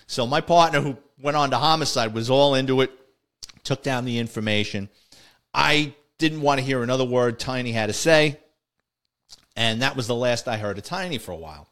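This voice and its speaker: A middle-aged man telling stories from his police days in a casual podcast. He rambles and doubles back to correct himself, slipping into the voices of the people in his stories. His voice sits at an ordinary mid pitch. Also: a bit bright. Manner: rambling, self-correcting, acts out quoted dialogue.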